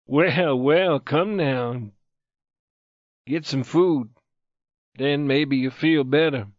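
A man reading the lines of a young soldier friend who is gentle and humble. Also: high voice, animated, unhurried, dry recording, lo-fi sound. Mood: soft.

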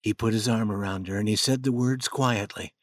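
A man narrating a storybook chapter in a plain, measured way. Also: lowish voice, no room sound.

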